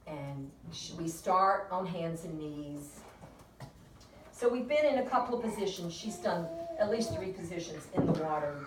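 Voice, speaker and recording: A midwife with a lowish, expressive voice chats at a normal speed, telling colleagues a birth story at a peer review and laughing often. The recording is roomy, distant and noisy.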